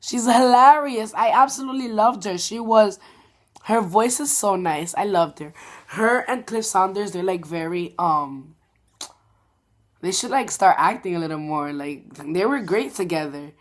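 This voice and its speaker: A woman's voice: mid-range voice, unhurried. A young woman giving a rambling, gushing spoken review of a stage show, full of "like" and "um". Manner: gushing, rambling, heavy "like" and "um" fillers. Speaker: theater reviewer vlogger.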